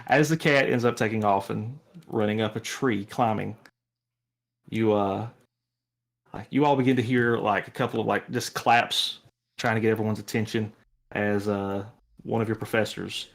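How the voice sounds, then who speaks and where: Gravelly game master man. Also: fairly low pitch, moderate pace. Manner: relaxed storytelling with frequent restarts. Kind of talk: narrating a tabletop game.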